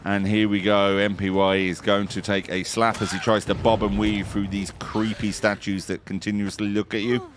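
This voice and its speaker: A man doing excitable, jokey play-by-play commentary on a competitive video game. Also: lowish voice, normal speed, few pauses, slight background noise. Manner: excitable, jokey, quoting movie lines. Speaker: esports caster.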